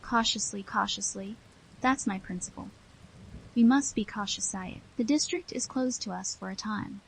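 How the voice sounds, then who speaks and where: A woman's voice: medium pitch, creaky, slight background noise, lightly acted, rough recording. A woman reading a smug cautious company manager. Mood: officious. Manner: measured, officious.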